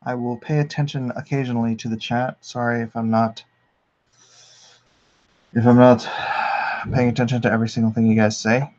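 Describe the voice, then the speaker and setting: A man's voice: mid-range voice, moderate pace, pauses often, muffled recording. A man hosting a drawing livestream, chatting casually with viewers and reading the chat aloud with amusement. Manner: relaxed, chatty, reads the chat aloud and laughs at it.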